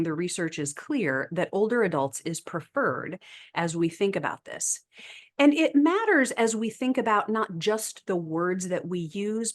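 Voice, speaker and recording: A woman psychologist giving a webinar lecture, explaining steadily and often checking in with "right?". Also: medium pitch.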